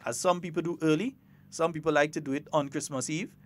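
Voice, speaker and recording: Brief: Grenadian male radio host, fairly high voice, playful and chatty. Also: fairly even intonation, fast talker. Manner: chatty, playful, mixes creole with standard English. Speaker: radio talk show host. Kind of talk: casual morning radio chat.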